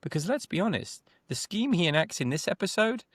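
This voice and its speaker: A man's voice: high voice, sing-song, brisk, fairly bright tone, no room sound. Articulate male podcast co-host, dry sound. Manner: articulate, asks probing questions. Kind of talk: casual podcast discussion.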